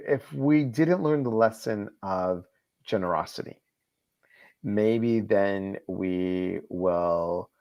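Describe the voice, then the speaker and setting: A man hosting a casual live-stream chat, reading viewers' comments aloud and answering them. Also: on the low side. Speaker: host. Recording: slightly dull lo-fi stream audio.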